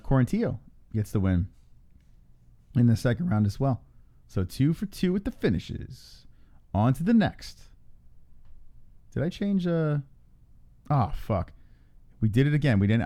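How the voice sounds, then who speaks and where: A man hosting a live fight reaction stream, calling the action play-by-play with casual swearing and shouting when a fight ends. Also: medium pitch. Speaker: host.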